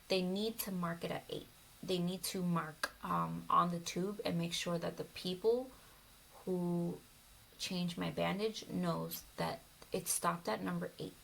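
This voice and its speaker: A woman's voice: lowish voice, steady tone, measured pace, vocal fry, fairly bright tone, a little hiss or hum, rough recording. A young woman telling a personal story in a vlog, emotional and often dropping to a whisper. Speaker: vlogger.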